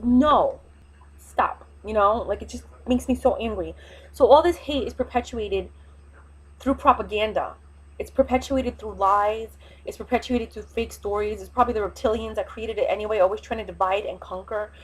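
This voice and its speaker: A woman's voice: medium pitch, normal speed, breathy edge, rough recording. A woman vlogger, talking in an impassioned, rambling casual monologue with emphatic, fiery opinions.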